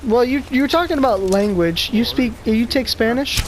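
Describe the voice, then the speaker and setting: A teenage podcast host in casual chat, griping about school and telling stories with animation. The voice sits at a medium pitch, with a faint hiss behind it. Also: moderate pace. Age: teens. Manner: complaining, animated storytelling.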